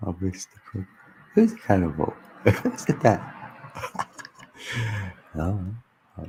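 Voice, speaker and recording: A man's voice: deep voice, warm tone, breathy edge. A man hosting a livestream, chatting casually with viewers and rambling through musings with frequent laughs, on a mic mounted on an arm extension. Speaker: livestream host.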